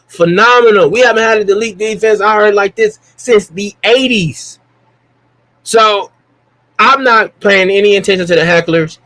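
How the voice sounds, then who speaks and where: Guy, slightly high voice, dry close sound, earnest and halting. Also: fairly bright tone, dry recording. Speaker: podcast host. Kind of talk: casual sports chat.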